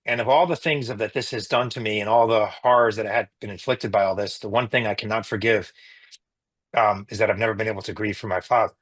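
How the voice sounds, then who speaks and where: A man's voice: on the low side, steady tone, fast talker, fairly bright tone. A middle-aged man, an emergency physician, giving an emotional personal account in an interview, earnest, with frequent restarts and rising indignation.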